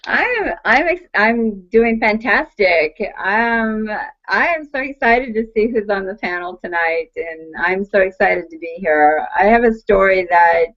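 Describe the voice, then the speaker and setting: A woman's voice: medium pitch, animated, measured pace, a bit bright. Older woman giving an eager testimonial over a dull, lo-fi call line. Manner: bubbly, laughing, acts out quotes. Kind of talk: excited personal testimonial. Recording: muffled online call audio.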